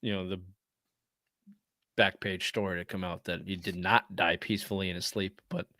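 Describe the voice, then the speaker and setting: A man's voice: low voice, steady tone, normal speed, sharp tone, dry recording, clean studio sound. A man hosting a casual sports podcast, blunt and opinionated, swearing freely. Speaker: podcast host.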